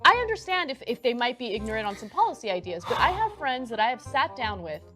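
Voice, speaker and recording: A woman's voice: fairly high pitch, big pitch swings, fast, bright, forceful tone, soft background music. A woman co-hosting a political show, ranting emphatically and swearing. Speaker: co-host. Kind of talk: political commentary rant.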